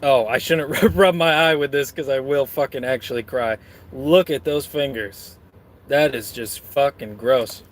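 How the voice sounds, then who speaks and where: A man's voice: mid-range voice, a little slow. A man chatting casually on camera while eating and reading out chat, full of crude, rambling, self-mocking jokes. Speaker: streamer reading chat messages.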